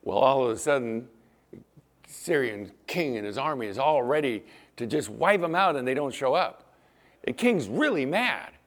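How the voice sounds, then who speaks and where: A man's voice: medium pitch, animated, normal speed. A man preaching a sermon as pastor, acting out Bible scenes in different voices.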